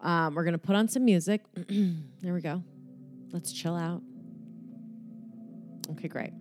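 Woman leading a guided meditation, low voice, casual, joking, swears, faint music behind. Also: unhurried, a little mellow.

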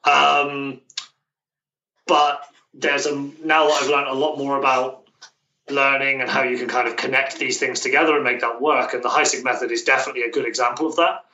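A man's voice: medium pitch, level tone, a little fast, pushed and bright, lo-fi sound. A man from Britain, a language coach, talking as an interview guest in a thoughtful way with many restarts. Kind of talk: casual interview conversation. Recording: echoey room, distant mic.

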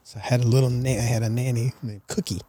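Husky older man, dry jokes. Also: mid-range voice, level tone, fast, dark tone. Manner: dry, joking, laughs a lot. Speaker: podcast guest. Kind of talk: casual chat.

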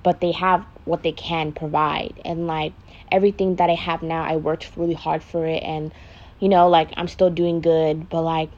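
A young woman vents on her podcast in loose, confessional chat, swearing freely and leaning on "like" at every turn. Her voice sits a little low, and the recording is dull and lo-fi. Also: level tone, normal speed, a little mellow. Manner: frank and profane, heavy use of "like". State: pregnant, emotional. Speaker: vlogger doing a makeup podcast.

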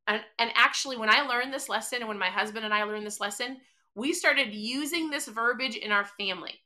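A middle-aged woman hosting a podcast, giving an energetic motivational talk and acting out bits of dialogue. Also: on the high side, fairly quick. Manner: energetic, emphatic, acts out quoted dialogue. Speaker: podcast host.

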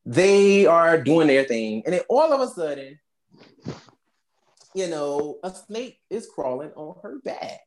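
Animated laughing podcast co-host. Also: medium pitch, slow. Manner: animated, laughing storyteller who acts out quotes; casual cursing. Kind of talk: casual movie recap chat.

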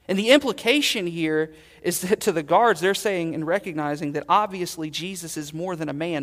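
A man preaching a sermon as pastor, earnest, swelling loud and then dropping to quiet emphasis. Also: high voice, fairly quick, hardly any pauses, big-room sound.

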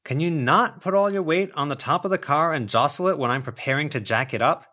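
A man voicing a practical, impatient woman in an audiobook reading, scolding loudly. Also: on the high side, fairly quick, voice pushed up. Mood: exasperated. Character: brisk, exasperated older woman, practical.

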